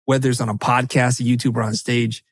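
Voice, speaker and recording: A middle-aged man talking as a podcast guest in an animated, emphatic way, often breaking into quick quoted asides. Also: mid-range voice, husky, no echo. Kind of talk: animated conversational podcast talk.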